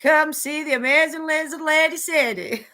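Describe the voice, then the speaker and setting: A woman doing a put-on American accent, playing a carnival barker with booming showman patter. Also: normal speed, pushed and bright. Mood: showman hype. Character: loud American carnival barker hyping a show.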